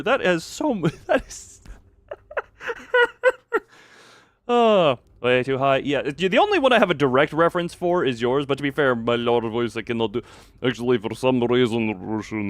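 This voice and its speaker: A man's voice: fairly high pitch, very animated, moderate pace, dry recording. A young man streaming a game, chatting in a rambling, self-mocking, jokey way. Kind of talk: casual live-stream chat.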